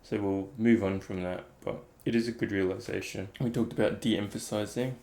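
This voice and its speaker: A man's voice: lowish voice, fairly even intonation, normal speed, a little mellow. A man thinking aloud in a casual, reflective talk about meditation, rambling with many fillers. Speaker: meditation vlogger.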